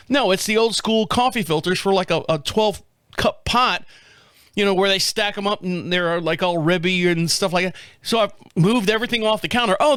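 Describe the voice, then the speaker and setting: High-ish guy voice, swearing his way through a long story, dead dry mic. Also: fairly bright tone, clean tone, no room sound. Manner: profane, rambling anecdote with acted-out dialogue. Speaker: podcast host. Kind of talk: casual storytelling.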